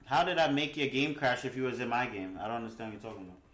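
A young man hosts a casual gaming livestream, chatting in a laid-back way with his friends and often repeating himself. His mid-range voice has lively intonation and a fairly bright tone, he talks very fast, and the sound is reverberant.

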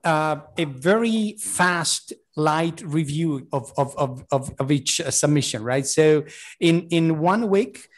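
A man's voice: fairly high pitch, takes it slowly. A man representing an institute on a video call, speaking hesitantly and often repeating words. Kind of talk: casual academic chat on a video call.

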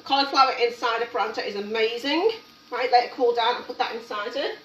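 A woman's voice: on the high side, fairly quick, a bit bright, dull audio. A woman hosting a casual cooking demonstration in a home kitchen, chatting and encouraging while she works. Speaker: cooking show host. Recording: echoey kitchen, mic at a distance, background noise.

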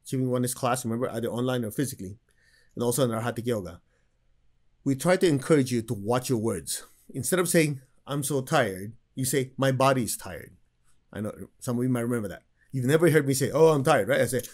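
A man teaching a spiritual class, telling stories with humor and acting out the people he quotes. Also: mid-range voice. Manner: animated storyteller who acts out quoted people. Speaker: meditation teacher.

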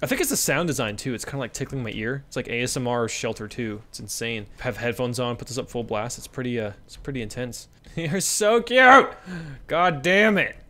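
A young man with a medium-pitched voice talks fast through casual let's-play commentary. He goes from excited yelps to hushed murmurs, swearing casually while coaxing his in-game kids along.

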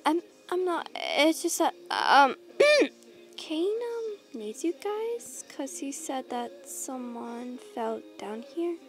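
A woman's voice: high-pitched, big pitch swings, takes it slowly, soft background music, heavily acted. A woman voicing a nervous young jester woman in a fan audio role-play, hesitant and stammering.

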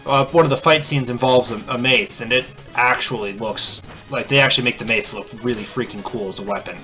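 A man's voice: mid-range voice, a little fast, sharp tone, faint music behind. A man casually commenting in a playful, chatty way as he plays a video game. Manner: playful, chatty, reacts aloud. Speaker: let's play host.

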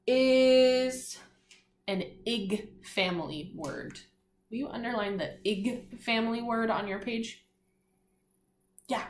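A woman teaches young children in a slow, deliberate way, spelling words letter by letter and praising each answer. Her voice carries a roomy echo, as if she is recording in a bare classroom. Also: a little high, a bit bright. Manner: patient, encouraging, sounds out letters. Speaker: kindergarten teacher.

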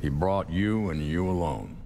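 An actor playing a gruff, world-weary male street surgeon in a video game, speaking bluntly. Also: deep voice, animated, unhurried, dark tone, heavily acted. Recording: reverberant game audio with noise.

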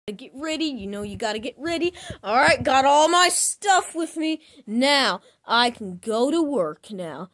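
Slow, chatty woman narrating a plush skit. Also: high-pitched, sing-song, fairly bright tone. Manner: repetitive, chatty self-narration. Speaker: plush video maker.

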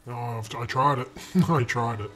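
Here the young man's mid-range voice moves at a measured pace, with a crowd audible behind him. Playing at home on a desk mic, the gaming channel host delivers profane, sarcastic commentary, mocking other drivers crudely and bursting out in loud yells.

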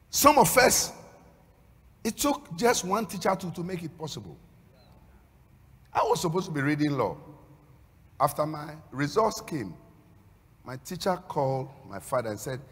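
A man preaching a sermon as a pastor, swinging between storytelling and loud, half-sung, shouted exhortation. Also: a little high, sing-song, measured pace, long pauses, husky. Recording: long hall reverb.

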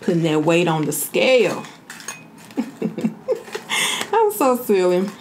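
A woman's voice: on the low side, huge pitch swings, slow pace, noisy background. A woman hosting her own vlog, chatting casually and informally with her viewers. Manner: chatty, informal, often addresses viewers as y'all. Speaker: vlogger host. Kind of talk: casual chat to camera.

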